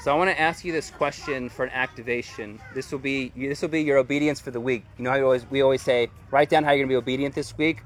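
A man's voice: mid-range voice, steady tone, fast, hardly any pauses. A man preaching a sermon as pastor, earnest and conversational, with casual slang.

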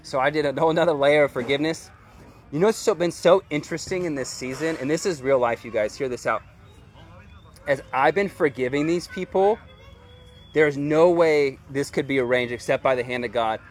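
A man's voice: a little high, brisk. A man preaching a sermon as pastor, earnest and conversational, with casual slang.

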